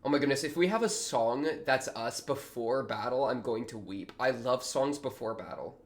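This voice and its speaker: Young man, reaction host, casual commentary, excitable, slangy, lively pitch. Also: moderate pace. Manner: excitable, slangy, thinks aloud.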